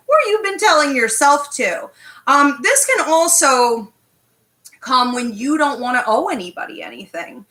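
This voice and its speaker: A woman with a fairly high, bright, forceful voice leads a live online class. She speaks directly and emphatically and keeps checking in with her listeners. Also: low-quality recording. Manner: direct, emphatic, frequent "okay?" check-ins. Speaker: psychic medium teaching an online class.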